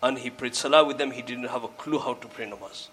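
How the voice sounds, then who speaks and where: A man's voice: medium pitch, fast, a little hiss or hum. A man preaching a sermon, telling a story and earnestly urging his listeners, dropping Urdu and Arabic religious words into his English. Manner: earnest, exhorting, grows louder when urging.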